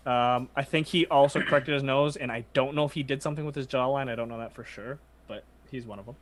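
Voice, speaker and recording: A man's voice: medium pitch, steady tone, quick pace, slight background noise. A man in a casual podcast chat who jokes, teases his friends and swears offhandedly. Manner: joking, teasing, swears casually. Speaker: podcast co-host.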